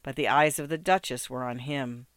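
A man narrating a literary story aloud in a measured, expressive, rhythmic way. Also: medium pitch, dry recording, clean studio sound.

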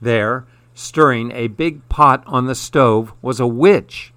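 A man calmly reading a children's storybook aloud. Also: mid-range voice, slow, no room sound. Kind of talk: storybook narration.

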